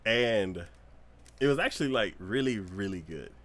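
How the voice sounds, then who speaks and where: Animated, bright-voiced man retelling a show. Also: lowish voice, moderate pace. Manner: animated storyteller who acts out scenes with loud squeals and laughter. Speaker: podcast co-host. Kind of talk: casual anime review chat. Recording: livestream podcast.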